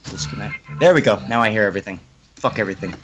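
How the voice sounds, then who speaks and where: A man's voice: fairly low pitch, lively intonation, rapid-fire, background noise. A man co-hosting a casual podcast, laid-back and cursing freely. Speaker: podcast co-host. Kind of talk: casual chat.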